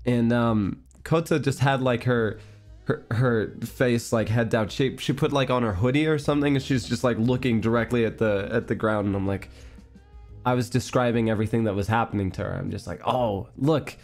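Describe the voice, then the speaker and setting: A man's voice: mid-range voice, fairly even intonation, fairly quick, faint music behind. A congested young man hosting a livestream, telling a story in casual chat with lots of fillers and frequent laughs. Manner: rambling, laughs often, many fillers. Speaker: livestream host.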